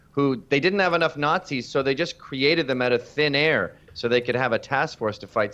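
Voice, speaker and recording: A man's voice: medium pitch, fairly bright tone, muffled recording. A man from Canada, a guest in a political debate, talking in a casual, blunt and wry way.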